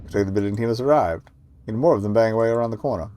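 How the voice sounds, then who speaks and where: A man's voice: fairly low pitch, rapid-fire, warm tone, slight background noise. A man streaming a point-and-click game, reading its dialogue aloud with wry, chatty commentary.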